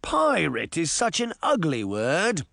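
A man's voice: fairly high pitch, wildly swooping pitch, slow pace, gravelly, a bit bright, no echo, clean studio sound, pitched above the performer's own voice, heavily acted. A man voicing an old, gray-haired pirate boss who talks in a pompous, self-satisfied way in a storybook reading. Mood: smug.

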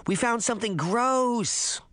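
A man reading an audiobook, voicing an excitable little girl in a high, drawn-out voice. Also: no echo, studio quality, full character voice. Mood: excited.

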